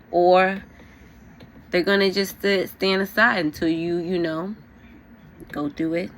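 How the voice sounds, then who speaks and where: This is a young woman from New York doing a get-ready-with-me storytime vlog. She has a low voice and talks casually and candidly, full of "like" and "you know," with a faint hiss or hum underneath.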